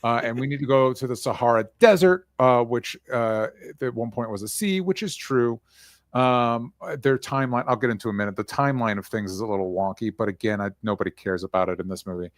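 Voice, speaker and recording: A man hosting a casual movie discussion podcast, rambling and a bit profane with quick asides. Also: mid-range voice, dry recording, studio quality. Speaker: podcast host.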